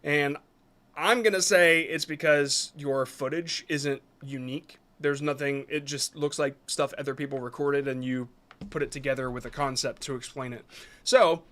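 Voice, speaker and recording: Guy on a livestream critiquing shorts, kinda high voice, rambly, lots of restarts. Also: fairly even intonation, normal speed, a bit bright. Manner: rambling, self-correcting, gives frank advice. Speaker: streamer reviewing viewers' shorts. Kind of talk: casual live-stream commentary.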